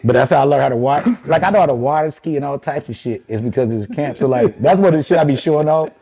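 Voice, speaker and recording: Gravelly-voiced man telling stories. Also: quick pace. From Chicago west side. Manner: animated, does high mocking voices of relatives, swears a lot. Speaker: comedian guest. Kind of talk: casual storytelling chat.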